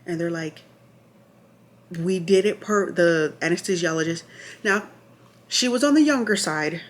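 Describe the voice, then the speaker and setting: A woman vlogger telling the story of her labor in a chatty, animated way, full of asides and restarts, sometimes checking her notes. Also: lowish voice, measured pace. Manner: reads from notes at times. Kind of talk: casual storytelling to camera.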